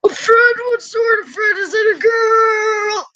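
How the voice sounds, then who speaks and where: A woman's voice: extremely high pitch, steady tone, slow pace, bright, forceful tone, pitched above the performer's own voice, exaggerated voice. A woman voicing a friendly father in a game, with an over-the-top, strained, quavering voice. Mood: nosy. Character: croaky, strained older male father, friendly. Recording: dull, lo-fi, dry.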